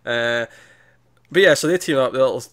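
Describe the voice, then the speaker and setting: A man's voice: medium pitch, moderate pace, fairly bright tone. A man co-hosting a casual film chat, with a mid-range voice. He talks in a loose, chatty way, laughing easily and restarting his sentences as he goes. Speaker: podcast co-host. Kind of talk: casual movie discussion.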